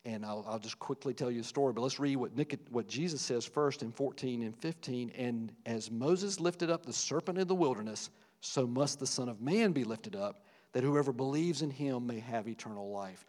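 Male pastor, mid-pitched, chatty preaching with stressed peaks; recorded in a reverberant hall. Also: moderate pace, darkish tone. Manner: conversational preaching, rising for emphasis, many asides and restarts. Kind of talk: sermon.

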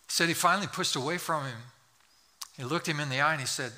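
A man's voice: on the high side, fast talker, sharp tone. A man, a pastor, preaching a sermon to his congregation, telling a story and building to fervent pleas. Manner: storytelling, rising to fervent pleading. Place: church sanctuary.

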